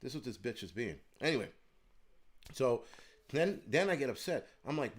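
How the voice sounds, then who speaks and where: A man rants through a story, swearing freely and getting heated as he goes. His voice sits at an ordinary, middle pitch. He talks like a channel host venting straight to his viewers. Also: normal speed, pauses often. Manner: profane, heated, animated. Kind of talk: ranting storytelling monologue.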